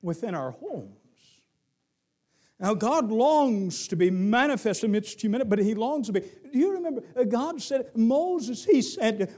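A middle-aged man with a Southern accent preaching a sermon, moving from hushed lines to shouted ones. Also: high voice, sing-song, unhurried. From Southern United States. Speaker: pastor.

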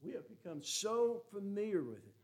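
A man's voice: high-pitched, very animated, moderate pace, darkish tone. A man preaching a sermon as a Baptist pastor, folksy and joking, then emphatic.

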